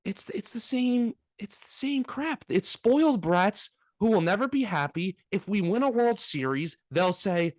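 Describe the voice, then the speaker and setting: A man's voice: sits high, animated, a little slow, hardly any pauses, no echo. A man co-hosting a casual sports talk podcast, ranting with energy and mocking fans in put-on voices.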